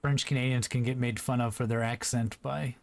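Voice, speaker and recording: A man's voice: medium pitch, steady tone, brisk, vocal fry. A man doing easygoing play-by-play commentary on an online geography game, chatting with a co-host. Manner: easygoing, chatty, with frequent fillers. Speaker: esports commentator.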